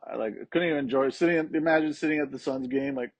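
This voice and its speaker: A young adult man, a skateboarding coach appearing as a podcast guest, tells a personal story in casual talk, swearing freely and acting out the voices of the people involved. His slightly high voice moves quickly, with no echo but a dull, lo-fi sound.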